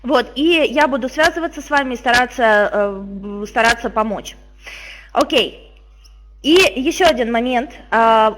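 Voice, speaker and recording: A woman moderating an online lesson, speaking hesitantly with many fillers. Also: fairly high pitch. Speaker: course moderator. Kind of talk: webinar moderating.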